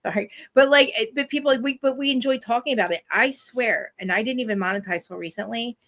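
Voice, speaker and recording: Fast-talking New Jersey woman. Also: fairly high pitch. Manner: fast, animated, laughing, swears freely. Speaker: podcaster guest. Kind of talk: casual chat. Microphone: video call.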